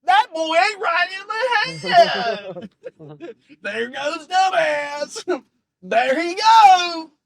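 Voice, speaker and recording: A man putting on a bigoted redneck comedy character with a put-on Southern accent, drawling slowly and brashly delivering catchphrases. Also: extremely high pitch, sing-song, a crowd in the background, pitched above the performer's own voice, full character voice.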